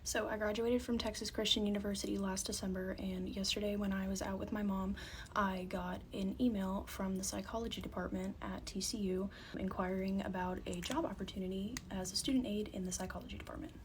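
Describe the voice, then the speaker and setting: A young woman in her twenties telling a creepy job-scam story in a hushed, confiding way. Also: mid-range voice, steady tone, fairly quick. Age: 20s. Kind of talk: casual storytime. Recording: faint background noise.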